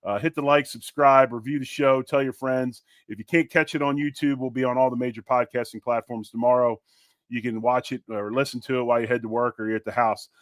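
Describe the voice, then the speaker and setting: A man's voice: mid-range voice, steady tone, brisk, no echo. Man hosting a sports podcast. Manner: plugs the show, then tells locker-room memories. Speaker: podcast host and former lineman. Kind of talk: casual sports podcast chat.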